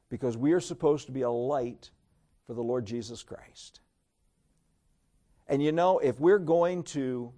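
A man's voice: mid-range voice, darkish tone. A man preaching a sermon in an easy, conversational way, repeating key phrases and getting the congregation to say them back. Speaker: pastor.

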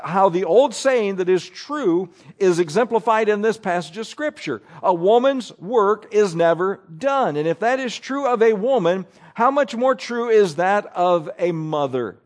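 A male preacher giving a sermon, reading scripture and a story aloud deliberately and adding asides to the congregation. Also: sits high.

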